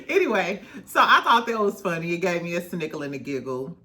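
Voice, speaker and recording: A woman's voice: lowish voice, very animated, brisk, pushed and bright. A woman recapping a reality show in casual chat, candid and swearing freely, laughing often.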